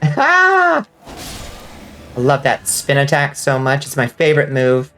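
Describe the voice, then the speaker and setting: A woman streaming a game live, chatting casually and rambling with lots of fillers, now and then breaking into excited outbursts. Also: rumbling low, moderate pace, slight background noise. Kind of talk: casual livestream chat while gaming.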